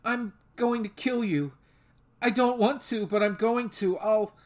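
Man voicing a frightened tendril girl, high and pleading. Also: slow, fairly bright tone. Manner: pleading, apologetic. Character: frightened apologetic young woman with tendril body.

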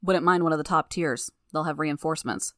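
Brief: woman reading as a laconic man with a faint accent, slightly low voice, dry studio sound, audiobook. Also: brisk, dry recording, natural voice. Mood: understated. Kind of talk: audiobook character voice.

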